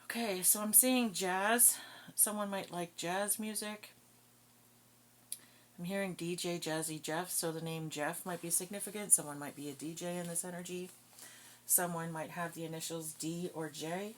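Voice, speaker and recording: A woman giving a casual psychic reading, thinking aloud in a slow, musing way. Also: lowish voice, steady tone, a little hiss or hum. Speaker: psychic card reader.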